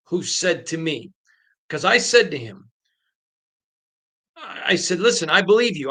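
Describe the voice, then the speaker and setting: Bright emphatic male sports podcaster. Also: fairly high pitch. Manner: emphatic storytelling, retelling conversations. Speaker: podcast host. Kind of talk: solo sports podcast commentary.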